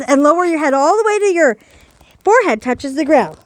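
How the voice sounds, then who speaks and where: Older woman, high bright voice, cheerful yoga teacher for kids, dry close sound. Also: animated, a little fast, no room sound. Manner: cheerful, playful coaching voice. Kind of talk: guided kids' yoga lesson.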